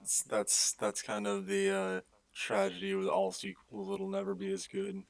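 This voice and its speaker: A man's voice: high-pitched, sing-song, normal speed, creaky, no room sound. A young man co-hosting a podcast in casual chat, laid-back, laughing often and trailing off with fillers. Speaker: podcast co-host.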